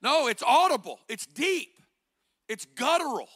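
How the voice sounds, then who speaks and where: High, bright-voiced impassioned male preacher. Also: very animated, measured pace. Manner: impassioned, with rhetorical questions and repeated phrases. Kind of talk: sermon.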